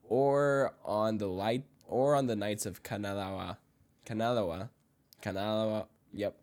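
A man's voice: fairly low pitch, steady tone, measured pace, a little mellow. A young man co-hosting a podcast, reading a spooky story from his notes, stumbling over names and laughing along with his co-host. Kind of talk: reading a ghost story aloud, casual chat.

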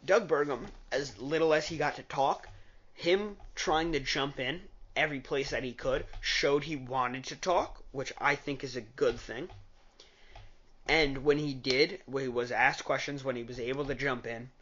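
A political commentator with a mid-range, fairly bright voice gives an unhurried, casual recap of a debate, full of opinions. He rambles and keeps correcting himself mid-sentence, and the recording's highs are cut off.

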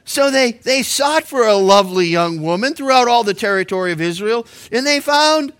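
A man's voice: extremely high pitch, lively intonation, normal speed, few pauses, fairly bright tone, clear, resonant tone. A middle-aged male pastor teaching through a Bible book verse by verse, in a joking, conversational way with many stammered restarts.

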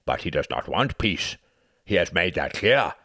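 A man's voice: low voice, moderate pace, no echo, studio quality, full character voice. A man voicing a blunt, scornful aging British statesman in an audiobook, arguing emphatically. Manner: emphatic, lively argumentative delivery. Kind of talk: audiobook character reading.

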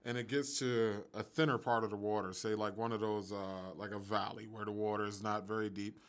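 A man's voice: lowish voice, little pitch movement, a little fast. A male interviewer asking curious questions, rephrasing them as he thinks aloud.

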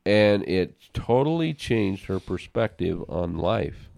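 Low gravelly guy telling a story, earnest, keeps repeating words, dry close sound. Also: sing-song, slow, darkish tone, no echo. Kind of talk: casual faith discussion.

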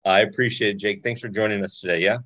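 A man hosting a podcast, chatting casually and relaxed with his guest. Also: lowish voice, fast. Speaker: podcast host. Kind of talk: casual interview chat.

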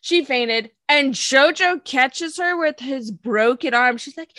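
A woman's voice: high voice, animated, unhurried, few pauses, bright, forceful tone, dry recording. A woman co-hosting a podcast in casual chat, giggling often and acting out quotes in silly voices. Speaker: podcast co-host. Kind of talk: casual chat recapping an anime episode.

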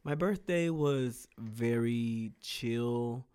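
A man's voice: medium pitch, very slow, a little mellow, smooth, dry recording, studio quality. A man co-hosting a podcast in casual chat, joking and telling stories with bursts of laughter. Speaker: podcast co-host.

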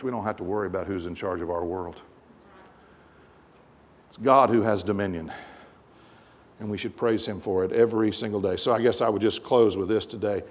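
A man's voice: mid-range voice, big-room sound. A man preaching a sermon as pastor, emphatic and full of rhetorical questions. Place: church sanctuary.

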